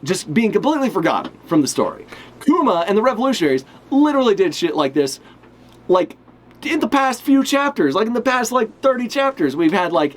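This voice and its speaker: Guy streaming a reaction, ranting and cussing, voice jumps all over, kinda high. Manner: ranting, profane, exasperated. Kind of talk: live reaction commentary.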